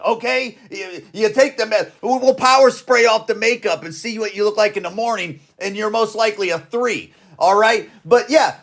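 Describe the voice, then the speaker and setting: A man in his forties with a notably high voice rants on his podcast in loose, slangy talk. He is blunt and keeps circling back to the same phrases to hammer them home. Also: fairly bright tone. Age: 40s. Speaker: podcast host. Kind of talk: casual opinion rant.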